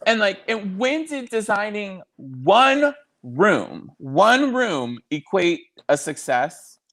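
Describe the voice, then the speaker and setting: A man's voice: sits high, very animated, fairly bright tone. A man hosting a podcast, chatting casually and cracking jokes about reality TV. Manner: chatty, jokey, quick asides. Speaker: podcast host. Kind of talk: casual chat.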